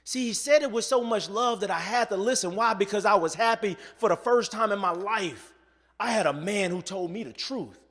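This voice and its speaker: Male keynote speaker with a slightly high voice who tells stories and plays every voice, from hushed to booming, in a hall with long reverb. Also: moderate pace. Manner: storytelling, swings from soft to loud; acts out quoted voices. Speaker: motivational speaker. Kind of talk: keynote speech.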